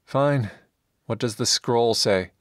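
A man's voice: slow, no room sound, studio quality, close to an everyday voice. A man voicing an exasperated, pleading knight in an audiobook, the voice of reason among zealots. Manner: pleading, exasperated, higher-pitched.

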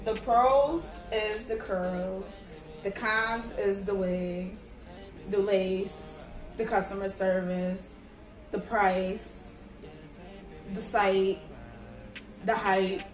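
A woman's voice: mid-range voice, steady tone, drawn-out words, pauses often. A young woman giving a casual wig review, blunt and profane, complaining in exasperation. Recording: roomy sound from a distant mic with music behind.

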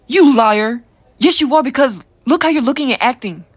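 A woman voicing a brash, teasing teenage boy in an audio role-play, loud and pushy. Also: medium pitch, lively intonation, moderate pace, breathy edge, dry recording. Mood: mocking.

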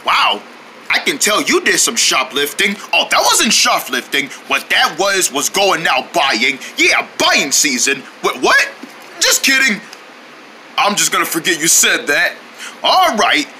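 A man's voice: high-pitched, wildly swooping pitch, unhurried, pushed and bright, a little hiss or hum. A man voicing goofy cartoon characters in playful, sing-song banter.

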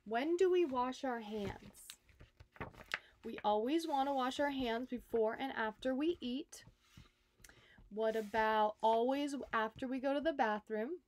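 Slow, expressive woman reading to kids. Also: on the high side, a little hiss or hum. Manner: slow, expressive, speaks directly to young listeners. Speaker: nurse reading a children's book. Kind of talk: storybook read-aloud for children.

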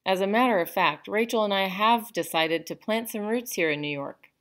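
A woman's voice: medium pitch, normal speed, voice pushed up, close to an everyday voice. A woman reading a novel aloud to a class, voicing a kind, friendly grown man who is a neighbor and explains his plans cheerfully. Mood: warm.

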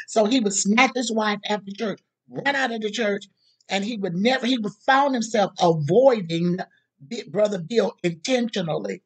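A woman preacher tells a long story in her sermon and keeps calling out to the congregation. Her voice is husky and mid-pitched. She tells the story with animated energy. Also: moderate pace.

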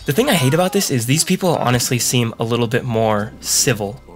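A man's voice: mid-range voice, animated, fairly quick, faint music behind. A young man doing loose, profane, joking commentary while playing a video game. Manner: profane, rambling, jokey. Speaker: let's play gamer. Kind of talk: casual gameplay commentary.

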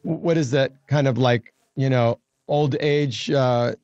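A man's voice: medium pitch, steady tone, takes it slowly, darkish tone, highs cut off. A man in his seventies chatting as a guest, laughing easily and restarting his sentences. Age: 70s. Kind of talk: casual chat.

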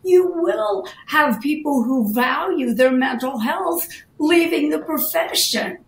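A woman co-hosting a podcast as a coach, speaking in a halting way with repeated words. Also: high-pitched, animated, a little hiss or hum. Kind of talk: casual podcast conversation. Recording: roomy echo.

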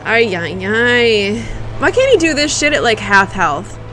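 A woman streaming a game live, cursing and shouting at the enemy. Her voice sits a little high and bright, and she talks slowly. Quiet music plays under her. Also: big pitch swings. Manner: profane, exclaiming, talking at the boss. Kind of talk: live gameplay commentary.

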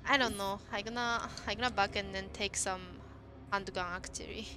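A woman's voice: medium pitch, steady tone, normal speed, music in the background. A woman with a Japanese accent streaming a game, reacting to her chat in simple English and exclaiming at what happens on screen. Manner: simple non-native English phrasing. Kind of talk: casual gameplay commentary.

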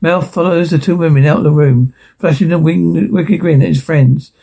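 Gravelly, husky man reading aloud. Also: a little high, dark tone. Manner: halting, self-correcting. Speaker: reader. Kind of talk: reading a film script aloud.

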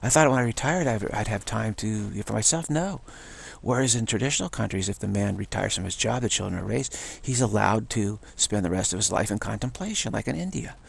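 A man's voice: fairly low pitch, lively intonation, fairly quick, creaky, hardly any pauses, breathy edge. A man giving a rambling spiritual talk at home, repeating himself and chuckling as he goes. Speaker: spiritual teacher. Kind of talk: casual spiritual monologue. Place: at home, self-taped.

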